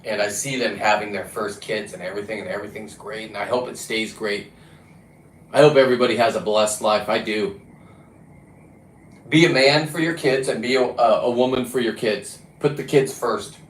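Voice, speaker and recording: Blunt, cursing man in a roomy space. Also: on the low side. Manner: blunt and profane, with frequent restarts. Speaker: diver and fishing vlogger. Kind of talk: casual rambling monologue. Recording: roomy echo.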